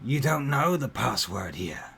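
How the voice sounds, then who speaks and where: A man's voice: mid-range voice, big pitch swings, unhurried, creaky, fairly bright tone, breathy edge, pitched above the performer's own voice, exaggerated voice. A man voicing a small, diseased orc girl who talks in broken, curt sentences. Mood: wary. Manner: broken speech, curt and guarded.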